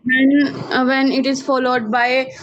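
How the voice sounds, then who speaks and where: A woman student answering her teacher's questions carefully, pausing with "uh" between words. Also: high-pitched, level tone, fairly bright tone, dull audio, a little hiss or hum. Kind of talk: answering in class.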